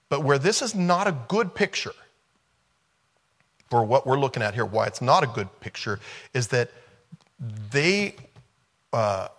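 A man's voice: medium pitch, fairly bright tone. A man preaching a conversational sermon, retelling a film scene and repeating rhetorical questions.

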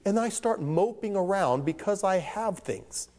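Man, pastor, sermon, self-deprecating storytelling, higher voice, long hall reverb. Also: lively intonation, unhurried, few pauses, darkish tone.

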